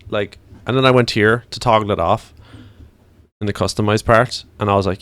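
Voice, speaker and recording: A man's voice: fairly low pitch, fairly even intonation, normal speed, fairly bright tone, clear, resonant tone. A man streaming, chatting casually and ranting to himself as he browses.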